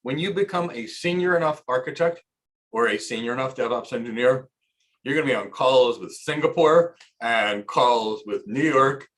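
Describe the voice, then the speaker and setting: A man's voice: mid-range voice, a bit bright. An American man hosting a live career talk, coaching viewers in an emphatic style and repeating key points for punch. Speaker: host and cloud architecture instructor.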